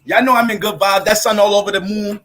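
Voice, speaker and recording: A man hosting an astrology livestream from his family home, hyped and profane, shouting out viewers in casual chat. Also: sits high, fairly even intonation, fast, faint music behind, rough recording.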